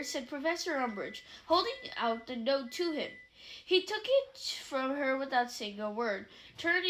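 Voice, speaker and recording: A woman reads a novel aloud in a high, bright voice. She halts now and then and corrects her own slips as she goes. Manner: halting, with self-corrections. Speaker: reader.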